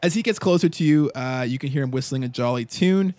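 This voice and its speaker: A man's voice: medium pitch, a little fast, darkish tone. Man, game master, casual narration, rambling, fillers.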